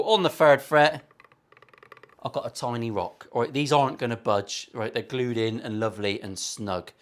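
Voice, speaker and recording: Cheeky sweary English guitar maker. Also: male voice, mid-range voice. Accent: English West Country. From England. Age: 40s. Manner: cheeky, sweary, self-mocking banter. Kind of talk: casual workshop vlog. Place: workshop.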